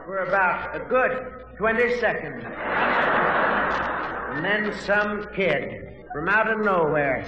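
A man's voice: high-pitched, lively intonation, slow pace, pauses often, muffled recording, very noisy. A man comedian telling a folksy tall tale in a stand-up storytelling style. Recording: echoey hall from far off, loud ambience.

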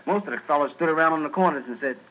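A comedian telling a Bible story as a jive street tale, with shrill put-on screams for the characters. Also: male voice, racing, pushed and bright. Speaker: stand-up comedian. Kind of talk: stand-up storytelling. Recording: noisy old radio broadcast.

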